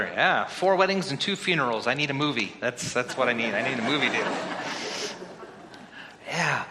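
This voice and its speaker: A man's voice: a little high, sharp tone, a little hiss or hum. A man, a pastor giving a playful children's sermon and quizzing the congregation. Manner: playful, chatty, asks the crowd questions. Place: church sanctuary. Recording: long hall reverb.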